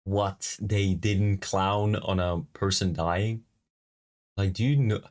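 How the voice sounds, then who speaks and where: A man reacting to a clip, talking bluntly and scornfully, swearing and pausing on fillers. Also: low voice, fairly even intonation, a little mellow. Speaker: reaction video host. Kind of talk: profane reaction commentary.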